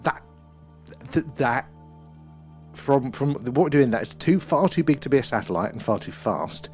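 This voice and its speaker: Casting: excitable male live-stream host, mid pitch, rambling, faint music behind. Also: moderate pace. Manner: excitable, rambling, talks to chat viewers by name. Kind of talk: live-stream chat and sky-watch commentary. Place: outdoors at night.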